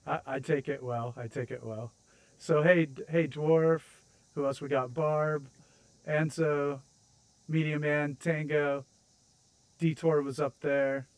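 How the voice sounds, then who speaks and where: A man's voice: fairly high pitch, fairly even intonation, slow pace, poor audio. An American man hosting a game livestream, chatting casually and rambling, with self-mocking jokes. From United States. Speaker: streamer host. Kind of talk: casual chat while building in a game.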